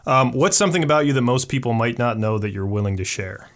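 A man hosting an interview podcast, asking questions in a friendly, relaxed way. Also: medium pitch, quick pace. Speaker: podcast host.

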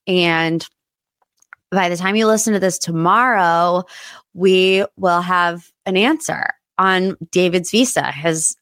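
A woman in her thirties hosting a casual solo podcast, chatty and emotional, her voice jumping high when she gets excited. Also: slow, dry recording, studio quality. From United States. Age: 30s. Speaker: podcast host.

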